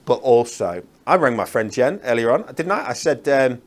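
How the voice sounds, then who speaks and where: A man's voice: mid-range voice, expressive, normal speed. A man presenting craft products on a shopping channel, chatty and upbeat with lots of fillers. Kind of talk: enthusiastic product demonstration.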